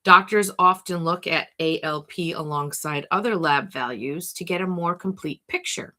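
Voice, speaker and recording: A woman's voice: on the low side, moderate pace, bright, forceful tone. A middle-aged woman hosting a casual talk to camera, chatty and thinking aloud, talking to herself by name. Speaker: host.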